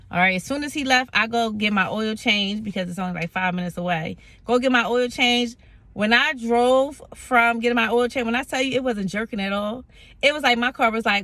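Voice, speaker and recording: A woman tells a personal faith story straight to camera, animated and dramatic, slipping into other voices as she goes. Her voice is bright and forceful and sits a little high. The sound is dry and close, with no room echo. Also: normal speed. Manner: laughing, self-mocking. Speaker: vlogger sharing a faith testimony.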